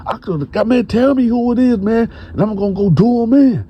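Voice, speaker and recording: A man's voice: medium pitch, brisk, muffled recording, close to an everyday voice. A man voicing a defensive, hot-tempered male prison gang member who talks frantically and keeps repeating "man" and "bruh". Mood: frantic.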